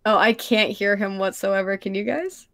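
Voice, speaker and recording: A woman's voice: mid-range voice, moderate pace, fairly bright tone. Giggly, self-mocking woman streamer. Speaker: guest streamer. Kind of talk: casual livestream chat.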